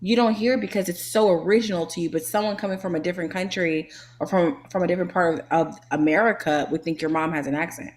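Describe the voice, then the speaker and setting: A woman with a fairly low voice talks fast as a podcast co-host. She chats emphatically in a casual conversation.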